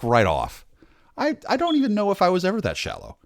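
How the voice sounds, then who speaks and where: A man in his forties, rambling in a bitter, sardonic, heavily profane monologue, muttering low and then bursting out loud. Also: huge pitch swings, brisk, no echo. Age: 40s. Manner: bitter, sardonic, swears a lot. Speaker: vlogger.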